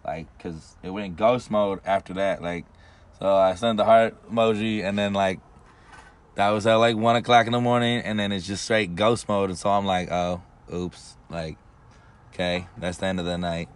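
Very deep-voiced teasing man. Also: steady tone, normal speed. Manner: teasing, interjecting, talks to the audience as y'all. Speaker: podcast co-host. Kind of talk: casual chat.

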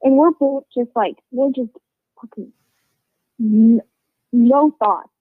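A woman with a slightly high voice rambles through a casual story, cursing freely and piling on fillers. The sound is thin and phone-like, with a dry, close feel and no room echo. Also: takes it slowly. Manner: rambling, swears a lot, with lots of fillers.

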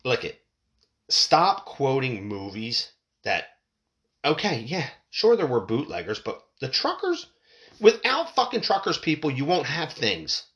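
A man's voice: medium pitch, huge pitch swings, measured pace, fairly bright tone. A man hosting a podcast, reading news aloud and breaking into angry, profane rants, stumbling and repeating words when worked up. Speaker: podcast host. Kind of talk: reading and ranting about news articles.

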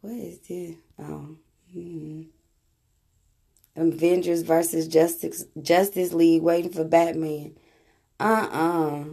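A woman's voice: deep voice, fairly even intonation, slow pace, vocal fry, pauses often, warm tone, husky. A woman vlogger chatting casually and laughing as she reacts to clips from her timeline.

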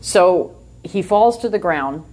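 An older woman, co-hosting a podcast and telling a long story in a lively, animated way, often laughing. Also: fairly low pitch, slow pace. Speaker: podcast co-host. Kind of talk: casual storytelling chat.

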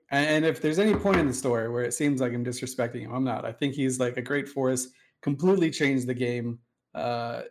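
A man with a mid-range voice telling a long story in relaxed conversation. He rambles and digresses as he goes. His pitch and energy are ordinary. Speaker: host. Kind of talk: casual storytelling chat.

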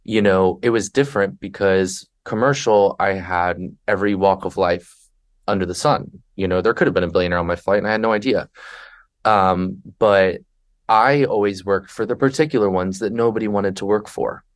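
A man's voice: deep voice, moderate pace. A man talking as a podcast guest, animatedly telling stories and acting out the people in them. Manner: animated storyteller who acts out passengers and himself. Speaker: podcast guest, flight attendant. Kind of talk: conversational podcast interview.

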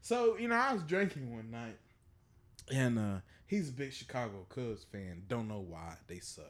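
A man's voice: medium pitch, big pitch swings, normal speed. A man co-hosting a podcast, telling stories in a casual, profane way and laughing through them. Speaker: podcast co-host. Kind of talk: casual storytelling chat.

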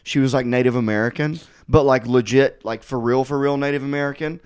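A man hosting a podcast, telling crude stories in casual chat and laughing loudly. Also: mid-range voice, steady tone, a little fast, clean tone. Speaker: podcast host.

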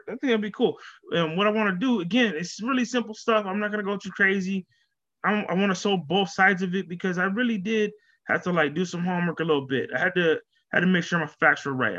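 A man talking casually to his viewers in an animated way, laughing often and repeating words as he goes. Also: sits high, lo-fi sound. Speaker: vlogger. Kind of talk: casual talk to camera.

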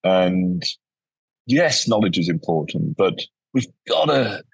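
Guy in his 40s, low husky voice, tells stories lively and does the voices, dry close sound. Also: slow, no echo. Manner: animated storyteller, acts out quoted people. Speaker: educator guest. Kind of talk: casual interview storytelling.

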